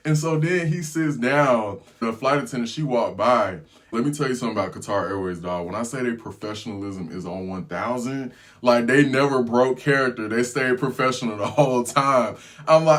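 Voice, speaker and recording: A man recounts a story for his vlog in loose, slang-filled talk. His pitch sits at a middle level, and the telling stays animated, breaking into fits of laughter. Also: fairly quick. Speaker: travel vlogger.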